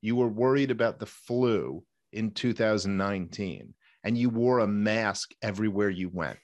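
A man's voice: on the low side, normal speed, dry recording. A man hosting a podcast, talking in a conversational, emphatic way with rambling asides. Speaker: podcast host. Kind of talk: casual interview chat.

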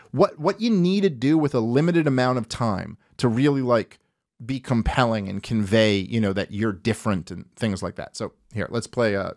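Clean studio sound with no echo captures a man of medium pitch hosting a podcast. He covers political commentary in a casual, animated way, swearing a lot and acting out quotes.

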